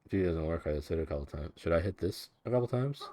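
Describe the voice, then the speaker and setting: A man joining a game stream over a call, with dry, teasing, low-key banter. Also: animated, racing, dark tone. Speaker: co-player on a call. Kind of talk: casual gaming banter.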